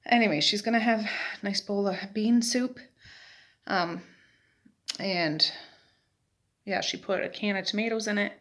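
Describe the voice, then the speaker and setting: A woman's voice: lowish voice, a bit bright. Middle-aged mom rambling about her day, sitting in her rocking chair at home, chatty and easygoing. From Nova Scotia, Canada. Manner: chatty, rambling storytelling with fillers. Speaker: vlogger, mother. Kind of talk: casual day-in-the-life chat.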